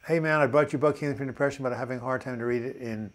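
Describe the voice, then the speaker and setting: Older new york guy running a live chat, reading out comments and cracking corny jokes, medium pitch. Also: steady tone, racing. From New York City. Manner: chatty, reads viewer comments aloud, tells corny jokes. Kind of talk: casual live-stream chat, greeting viewers.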